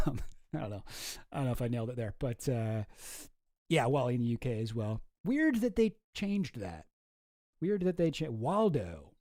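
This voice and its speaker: A man's voice: mid-range voice, big pitch swings, moderate pace, dark tone, no room sound, studio quality. A man chatting casually on a livestream in a rambling, offhand way that often trails off. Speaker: streamer and video creator.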